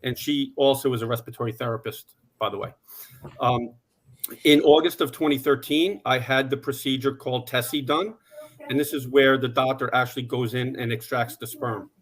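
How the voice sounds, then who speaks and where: A man in his forties telling his personal story on a panel in a steady, plain way, with some "uh" fillers. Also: mid-range voice, normal speed. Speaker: conference panelist.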